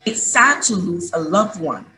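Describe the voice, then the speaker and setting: Woman reading warm mother figure, soft and comforting, unhurried. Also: lowish voice, sing-song, echoey room, slight background noise, heavily acted, rough recording. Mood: gentle. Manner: soft, reassuring. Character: gentle, hopeful mother.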